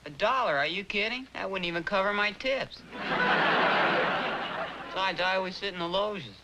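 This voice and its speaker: An actor playing a teasing, wisecracking younger brother in a 1950s sitcom, dry and cocky. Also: male voice, high-pitched, normal speed, heavy background noise, natural voice.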